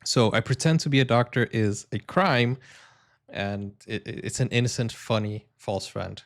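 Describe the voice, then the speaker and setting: A man's voice: medium pitch, normal speed. A British man, an English teacher hosting a reaction video, chatting enthusiastically and talking straight to his viewers. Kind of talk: casual reaction commentary.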